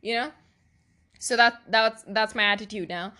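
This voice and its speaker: A woman's voice: medium pitch, steady tone, moderate pace, sharp tone. A young woman hosting her own podcast, talking candidly and emotionally in a confessional monologue, laughing often and swearing casually, her voice sometimes teary. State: teary, voice breaking at times. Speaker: podcast host.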